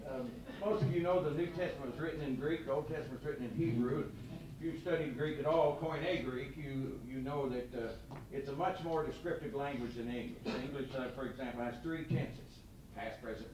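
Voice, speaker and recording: A man giving a quick, folksy devotional talk at a meeting. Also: mid-range voice, crowd noise. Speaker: state representative giving a devotion. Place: meeting room. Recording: echoey room from far off.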